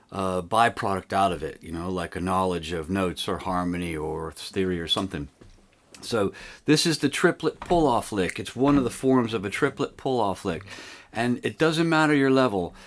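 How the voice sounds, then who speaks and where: A man giving a casual guitar lesson on video, explaining in a relaxed, rambling way and counting the picking aloud. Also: fairly low pitch. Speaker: guitar teacher. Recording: loud guitar playing behind.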